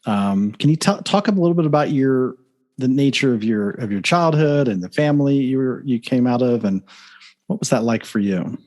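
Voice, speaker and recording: A man hosting a podcast, giving a halting, filler-heavy introduction and then an energetic, upbeat interview. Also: medium pitch. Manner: loud, upbeat greeting after a quieter, halting intro. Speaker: podcast host.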